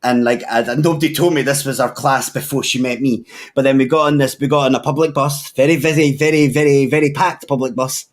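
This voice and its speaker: A man's voice: mid-range voice, fairly even intonation, brisk, few pauses. A young man telling profane, funny stories in casual chat, laughing as he goes. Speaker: podcast host.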